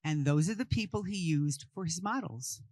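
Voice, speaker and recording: A woman from Brooklyn, New York presents an interactive art history talk to a live group, posing questions to the audience before answering them. Her lowish voice is expressive and a little mellow, at a moderate pace, in a dry recording.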